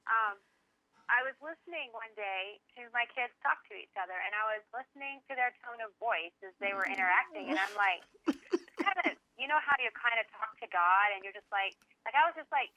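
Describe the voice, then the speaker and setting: A woman's voice: on the high side, lively intonation, a little fast, sharp tone, no echo. A woman calling in to a radio show and speaking candidly and emotionally, with a lot of "like" as filler. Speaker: caller. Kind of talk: phone-in radio chat. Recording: muffled phone line.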